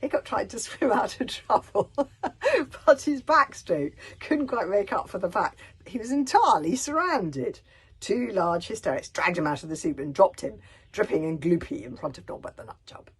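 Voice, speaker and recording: A woman reading a children's book aloud in a casual way, with asides and small stumbles, often sinking into a breathy near-whisper. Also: mid-range voice, lively intonation, moderate pace. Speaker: reader.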